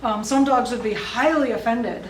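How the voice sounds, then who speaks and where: A woman's voice: a little high, normal speed, crowd noise. A woman dog training instructor explaining exercises in a friendly, easygoing way, chuckling often. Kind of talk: instructional seminar talk. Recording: roomy, distant mic.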